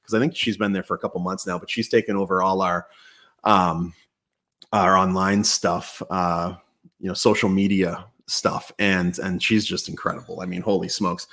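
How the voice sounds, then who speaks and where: A man with a low, deep voice hosts a casual live Q&A stream. He talks in a chatty, relaxed way, full of ums, uhs and restarts, speaking into a desk mic indoors. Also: moderate pace. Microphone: external mic at home computer.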